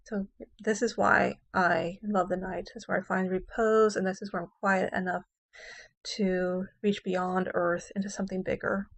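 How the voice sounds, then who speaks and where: Lecturing on poetry, a woman English professor speaks at a middle pitch in a level, gravelly tone. She reads verse slowly with heavy stress on key words, then explains it plainly and easily, now and then saying "um" or "okay."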